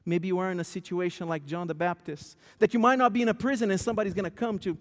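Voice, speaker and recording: A male pastor preaching a sermon, telling a story with lively, stammering restarts. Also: high voice, quick pace. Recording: long church hall reverb.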